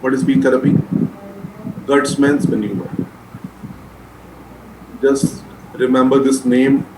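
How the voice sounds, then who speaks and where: A man speaks at medium pitch with fairly even intonation, taking it slowly through a medical classroom lecture. Repetitive by design, he restates key terms for students to write down and drills them for exams. The room sounds echoey, with faint noise.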